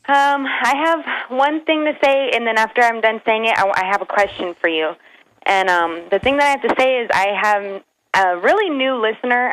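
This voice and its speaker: A woman calling into a radio show, hesitant and halting with many ums. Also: medium pitch, a bit bright, slight background noise, low-quality recording. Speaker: caller. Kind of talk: phone-in chat.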